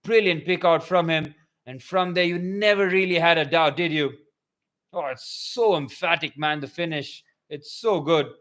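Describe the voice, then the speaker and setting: A young man giving excitable live match commentary for a fan watchalong, swinging from calm play-by-play to loud bursts. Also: fairly high pitch, normal speed.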